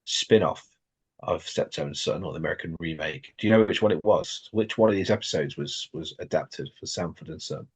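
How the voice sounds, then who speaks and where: A man's voice: low-pitched, brisk, slightly rough. A man co-hosting a podcast, casually running a quiz for his friend and calling him mate. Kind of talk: casual chat.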